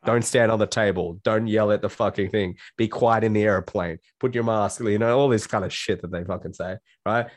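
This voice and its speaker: A man's voice: fairly low pitch, fairly even intonation, fairly quick, hardly any pauses, dry recording. A man speaking as a guest life coach in a casual podcast conversation, blunt and swearing freely, acting out his own self-talk in quotes.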